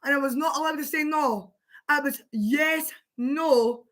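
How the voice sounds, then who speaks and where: Bright, high woman chatting. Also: measured pace. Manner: chatty, swears freely, laughs often. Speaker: livestream host. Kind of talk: casual chat with partner.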